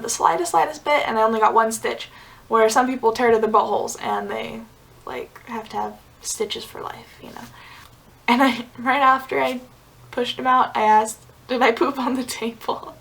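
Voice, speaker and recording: Chatty young woman vlogger, higher voice. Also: creaky, fairly bright tone, low-quality recording. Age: young adult. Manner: chatty, many "like" fillers, giggly asides. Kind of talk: casual storytelling to camera.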